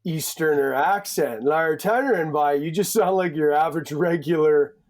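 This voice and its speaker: A man's voice: fairly high pitch, normal speed. A young Canadian man from Alberta, a podcast guest talking in a joking, profane, rambling way. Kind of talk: casual podcast chat.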